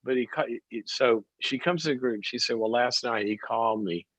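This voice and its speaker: A middle-aged man, a psychologist who hosts a call-in advice show, tells stories with animation and performs the voices of the people in them. His voice is medium in pitch and moderately paced. The close mic gives a dull, dry sound with no echo.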